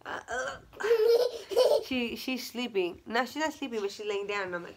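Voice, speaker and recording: A young woman tells a story in a casual vlog, chatty and full of fillers and laughs, acting out what people said. Her voice is mid-range with fairly even intonation at a normal speed, and there's background noise.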